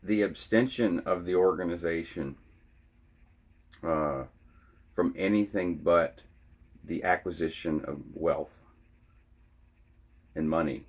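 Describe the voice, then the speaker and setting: Man, very deep voice, unhurried delivery, halting speech, casual vlog monologue. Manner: halting, frequently restarting his sentences. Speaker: vlogger.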